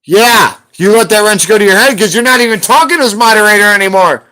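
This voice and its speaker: A man with a fairly high voice scolds someone on his live stream. He sounds bright and forceful, and he swears heavily and confronts the person head on. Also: quick pace. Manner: heated, profane, confrontational. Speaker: livestreamer hunting for rare banknotes.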